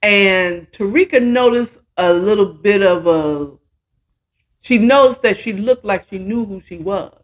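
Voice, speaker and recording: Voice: medium pitch, measured pace. A podcast host, casually retelling a story in a chatty, slangy way and acting out the characters' lines.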